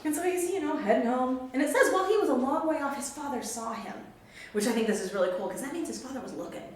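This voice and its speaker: A woman telling a Bible story to children in an animated way, acting out the characters' lines. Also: high-pitched, fast talker, far from the mic. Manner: animated, acts out characters' quotes. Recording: very echoey room, faint background noise.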